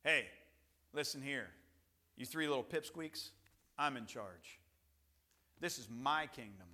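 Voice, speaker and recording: A man's voice: mid-range voice, expressive, slow pace, pushed and bright, voice pushed down, heavily acted. A man voicing an arrogant tyrant king who taunts and threatens, speaking in a domineering way. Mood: menacing.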